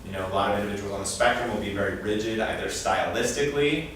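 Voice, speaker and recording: In a meeting room, a man gives an informal, conversational talk to parents at a training session, often acting out quoted dialogue. His voice is fairly low and a bit bright, and he talks fast. The room echoes, he's far from the mic, and there's faint noise.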